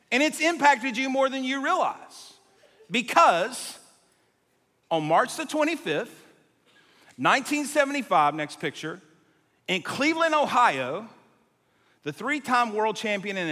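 Male preacher, bright and forceful tone, lively sermon storyteller, heard with the long echo of a big hall. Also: high-pitched. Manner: animated, jumps between tangents, acts out quotes. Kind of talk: sermon storytelling to a live congregation. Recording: long reverb of a large hall.

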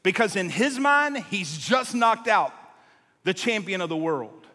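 Male preacher, bright and forceful tone, lively sermon storyteller, heard with the long echo of a big hall. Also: high-pitched, unhurried. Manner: animated, jumps between tangents, acts out quotes. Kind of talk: sermon storytelling to a live congregation. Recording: long reverb of a large hall.

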